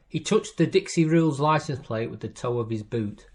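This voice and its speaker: A man reads a first-person crime story aloud at an even, measured pace. His voice sits in an ordinary middle register, and the delivery carries a dry, wry edge. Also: mid-range voice. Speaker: story reader. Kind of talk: scripted first-person narration.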